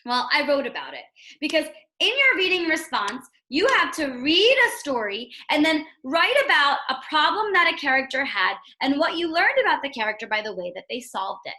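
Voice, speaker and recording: A woman's voice: sits high, normal speed. A woman teacher reading a storybook aloud and explaining it, asking the listener questions as she goes. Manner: expressive, asks the listener questions. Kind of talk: read-aloud lesson.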